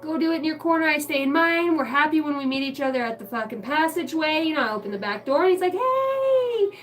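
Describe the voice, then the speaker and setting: A woman's voice: high-pitched, fast, a bit bright, faint music behind, poor audio. A woman rambling crudely on her live stream, swearing often and laughing as she talks. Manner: crude, giggly, swears a lot. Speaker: livestream host.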